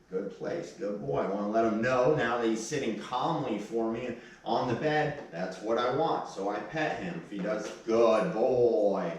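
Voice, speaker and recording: Man training a dog, distant and echoey. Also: mid-range voice. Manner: casual, explains step by step with short sharp commands. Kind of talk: explaining training while working a dog.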